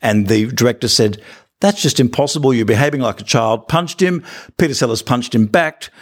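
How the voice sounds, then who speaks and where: A man's voice: mid-range voice, moderate pace. An Australian man hosting a comedy podcast, eagerly telling stories and setting up jokes for his co-host. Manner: enthusiastic storytelling, feeds setups to his partner.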